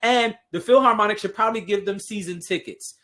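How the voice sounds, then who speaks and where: Podcast host, casual solo chat, playful, sarcastic asides, laughs a lot, mid-pitched voice. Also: brisk, a bit bright. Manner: laughs often while talking.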